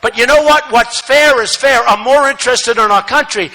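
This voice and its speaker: A man giving a campaign rally speech, repeating phrases for emphasis and swinging between shouting and muttering asides. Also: extremely high pitch, moderate pace, rough recording. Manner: repetitive, emphatic, rambling asides. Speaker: political speaker at a rally. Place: large rally venue, no seating.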